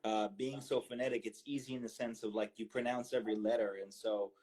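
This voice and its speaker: A man chatting casually as a guest on a phone live stream, relaxed, explaining things for viewers with many fillers. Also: fairly low pitch, brisk, a little hiss or hum.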